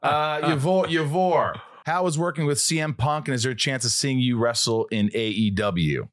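A man's voice: mid-range voice, moderate pace, fairly bright tone, no echo, clean studio sound. A man from Southern Indiana hosting a podcast, chatting in a loose, joking way, swearing and laughing easily. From Southern Indiana, USA. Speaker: podcast host. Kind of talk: casual podcast chat.

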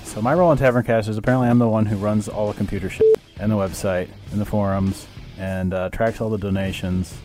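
Low-voiced, laid-back podcast guy. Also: steady tone, fast, mellow, soft background music. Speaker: podcast co-host, tech operator. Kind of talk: casual interview remarks.

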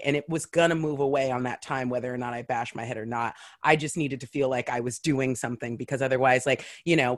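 A woman comedian chatting loosely and quickly, throwing herself into anecdotes. She keeps dropping "like" and leaps into exaggerated voices to act out other people. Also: a bass voice. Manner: animated storyteller, acting out voices, lots of "like". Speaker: comedian guest. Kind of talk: casual chat.

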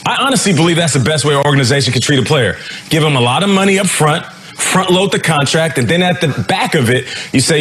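A man giving animated football analysis on a TV show, emphatic and persuasive. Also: a little high. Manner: emphatic, persuasive, quick bursts. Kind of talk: animated sports TV commentary.

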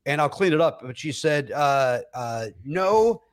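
A man, a comedian, telling stories in a casual podcast chat, with loud acted-out quotes, many fillers and restarts, and frequent laughter. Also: mid-range voice, moderate pace, clear, resonant tone. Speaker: comedian guest.

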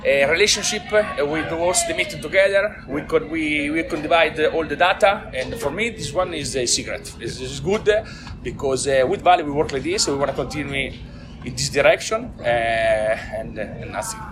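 An Italian man, a team manager, speaking in halting, broken English with many restarts and frequent laughs in a post-race interview. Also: fairly high pitch, lively intonation, over music.

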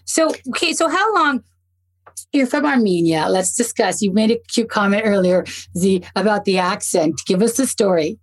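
A woman's voice: medium pitch, animated, moderate pace, rough recording. A woman hosting an interview who asks questions and talks in an earnest, chatty way. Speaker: host. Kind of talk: conversational interview.

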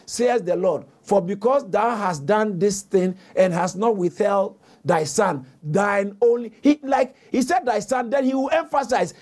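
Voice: medium pitch, unhurried, hardly any pauses, darkish tone. A preacher delivering a sermon, reading scripture aloud, repeating key phrases for emphasis and calling on the congregation to answer. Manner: reads scripture aloud with frequent self-corrections.

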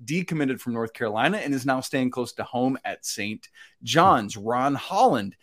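A man's voice: mid-range voice, expressive, normal speed, a bit bright. A man co-hosting a casual sports podcast, chatty and self-deprecating, often laughing at himself. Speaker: podcast co-host.

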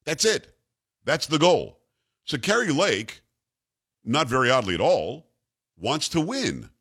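Man hosting talk radio, lively pitch. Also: slow, husky. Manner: rhetorical, questioning, emphatic.

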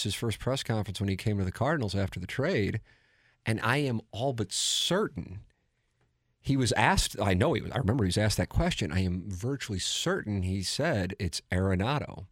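A man with a St. Louis accent hosting a sports radio show, reading listener texts in a casual, teasing, animated way. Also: mid-range voice, moderate pace, no room sound, studio quality. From St. Louis area. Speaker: radio host.

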